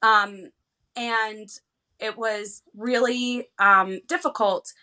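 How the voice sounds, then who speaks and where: A woman in her thirties from the United States, a guest telling an emotional personal story with lively quoted dialogue. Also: medium pitch. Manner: animated, fast retelling with lively quoted dialogue. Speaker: interview guest.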